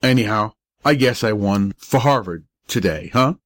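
Guy reading a weak little dying kid, soft whispery halting lines, dry close sound. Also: lowish voice, animated, no echo. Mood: weak, tender. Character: dying young boy, weak, brave, faintly cocky.

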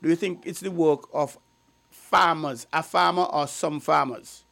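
A man's voice: fairly high pitch, creaky, sharp tone, dry recording. A man hosting a radio talk show, asking his guest leading questions. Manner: leading questions, quick interjections. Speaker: radio host.

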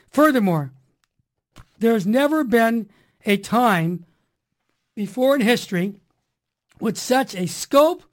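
A woman hosting a religious talk radio show in an emphatic, preachy monologue full of rhyming slogans. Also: mid-range voice.

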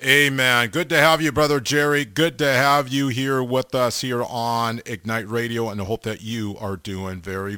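With a smooth, medium-pitched voice recorded without echo, a middle-aged man hosts a radio show. He leans close to the mic for casual shout-outs to listeners, leaning heavily on fillers and repeated amens.

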